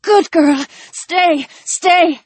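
A woman's voice: very high-pitched, extremely slow, dry recording, pitched above the performer's own voice, full character voice. Woman voicing a frantic young woman crying out. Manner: frantic cries and commands. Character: young woman, frightened but fierce, protective.

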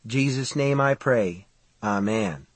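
A man voicing a frightened boy who prays quietly and earnestly in an audiobook. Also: mid-range voice, takes it slowly, dry recording. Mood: earnest prayer. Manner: hushed, earnest praying.

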